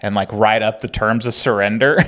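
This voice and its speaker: A man's voice: fairly low pitch, fairly even intonation, moderate pace, a bit bright. A man co-hosting a casual history podcast, bantering easily and often saying "like". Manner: easygoing, chuckling banter, lots of "like". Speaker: podcast co-host.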